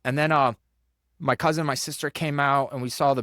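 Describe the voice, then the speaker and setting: A young man hosting a casual podcast, telling a story in an animated way with lots of fillers and acted-out quotes. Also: medium pitch, fairly quick, dry recording, studio quality. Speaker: podcast host.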